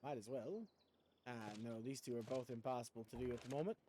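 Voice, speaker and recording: A man's voice: mid-range voice, fast talker, dark tone, a little hiss or hum. A man streaming a game, chatting casually with viewers in a rambling way and laughing often. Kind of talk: casual chat while gaming.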